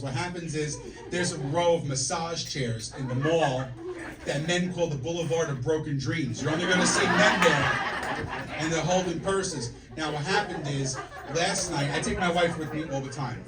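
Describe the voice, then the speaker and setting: Man, stand-up comic, brash and profane, rather high voice, echoey club from a distance, crowd laughing. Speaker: stand-up comedian. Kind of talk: stand-up comedy set. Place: comedy club stage. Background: audience laughing.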